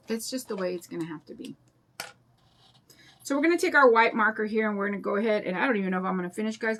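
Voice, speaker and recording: Fifties woman craft vlogger, confiding, chatty, a bit high-pitched. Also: a bit bright. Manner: rambling, confiding, emotional storytelling. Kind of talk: casual chat while painting.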